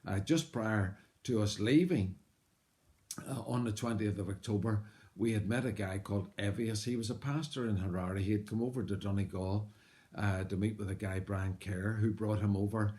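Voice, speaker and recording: A man's voice: on the low side, normal speed, a little mellow. A man with a Northern Irish accent, a missionary telling his life story as an earnest personal testimony, full of "uh" fillers and bursts of animation. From Northern Ireland.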